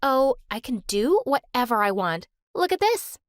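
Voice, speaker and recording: Woman putting on a shrill, bratty teen cheerleader. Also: very animated, normal speed, no echo. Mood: sneering. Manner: mocking, shrill and bossy. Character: bratty, spiteful teenage cheerleader girl.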